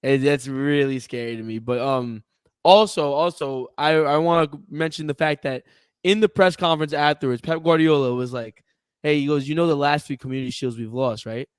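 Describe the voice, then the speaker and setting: This podcast co-host speaks at a normal speed in a smooth voice on the high side, recorded in clean studio sound with no room sound. He chats about sports in a casual, animated way, full of jokes and hesitant fillers.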